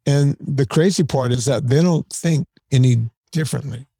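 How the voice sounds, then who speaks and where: Podcast guest, man, blunt storyteller, dark dry tone, close mic. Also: medium pitch, moderate pace, husky, no room sound. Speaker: podcast guest, show host. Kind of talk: casual podcast conversation.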